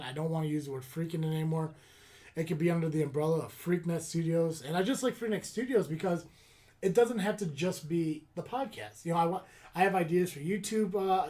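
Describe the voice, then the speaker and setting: A man chats casually on a podcast, his voice sitting a little higher than most men's. He rambles, circling back with fillers and half-finished starts as he lays out his plans. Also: darkish tone. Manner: rambling, with many fillers and restarts. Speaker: podcast host. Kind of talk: casual chat.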